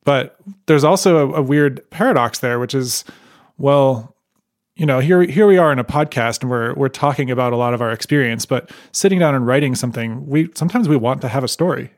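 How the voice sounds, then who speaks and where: A man co-hosting a podcast, speaking in a thoughtful, measured way. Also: mid-range voice. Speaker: podcast co-host. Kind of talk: casual podcast conversation.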